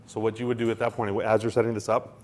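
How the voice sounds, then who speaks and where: A man hosting a casual explainer, talking in an animated way with many restarts and acting out quoted lines. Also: fairly low pitch, fast talker, a little hiss or hum. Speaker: co-host explaining crypto wallets.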